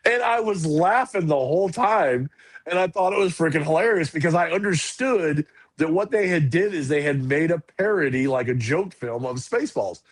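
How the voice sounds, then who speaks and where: A man's voice: fairly high pitch, expressive, moderate pace. Chatty man telling a rambling story. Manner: rambling, with frequent restarts and fillers. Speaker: podcast co-host. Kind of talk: casual storytelling chat.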